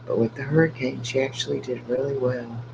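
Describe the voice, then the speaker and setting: A man's voice: medium pitch, little pitch movement, brisk, vocal fry. An older man chatting casually on a late-night live stream with his dog, keeping his voice down so he won't wake the house. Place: home at night. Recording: dull lo-fi with faint hum.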